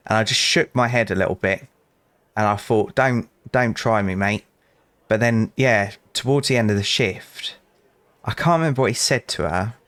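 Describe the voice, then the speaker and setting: Recorded with no room sound, a young British man speaks in a lowish, somewhat bright voice. He hosts a gaming channel, casually narrating a let's play while chatting with customers and drifting into rambling tales full of dry asides.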